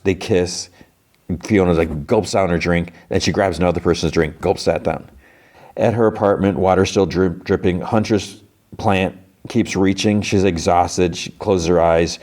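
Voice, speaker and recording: A man hosting a podcast, casually retelling a cartoon episode with lots of fillers and quick quoted lines. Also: low voice, a little mellow. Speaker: podcast host recapping an episode. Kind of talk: casual recap.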